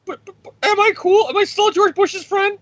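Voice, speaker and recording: A man putting on a squeaky, whiny voice for a rich conservative politician who begs to stay friends. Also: normal speed, a bit bright, no room sound, dull audio. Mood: whiny pleading. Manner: pleading, whiny falsetto.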